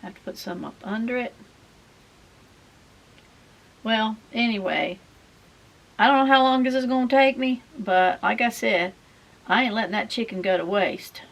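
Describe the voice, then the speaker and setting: Folksy rambling woman, gravelly. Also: fairly high pitch, normal speed, long pauses. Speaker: craft vlogger. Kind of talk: casual chat while crafting.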